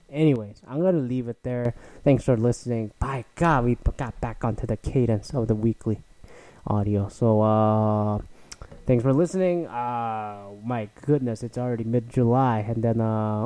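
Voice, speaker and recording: A man's voice: mid-range voice, warm tone, no echo, rough recording. A young man hosting his own podcast, talking alone in a profane, rambling, sarcastic way. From immigrated to Canada. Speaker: podcast host. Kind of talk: casual solo podcast rant.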